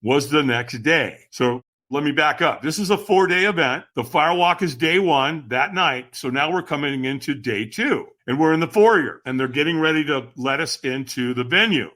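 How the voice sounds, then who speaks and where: A man's voice: fairly high pitch, animated, moderate pace, hardly any pauses, sharp tone. A middle-aged man telling a personal story as a podcast guest, enthusiastic and acting out the lines he quotes. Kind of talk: animated storytelling.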